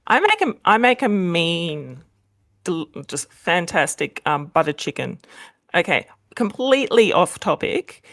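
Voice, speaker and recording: Australian woman guest, low-ish pitch, chatty and rambling, laughs often, video call from home. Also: sing-song, measured pace, a bit bright. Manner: rambling, laughing, many fillers. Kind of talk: casual chat. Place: home, next to the kitchen.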